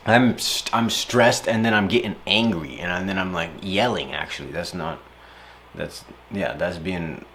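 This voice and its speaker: A young man talking casually about handling stress, playful and animated, often slipping into silly voices and acted-out quotes. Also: low-pitched. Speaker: speaker reflecting on stress. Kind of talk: casual reflective monologue.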